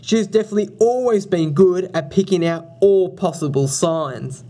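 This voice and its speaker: Australian man, voice-over narration, high mellow voice, playful teasing, faint noise. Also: moderate pace. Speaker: narrator, host.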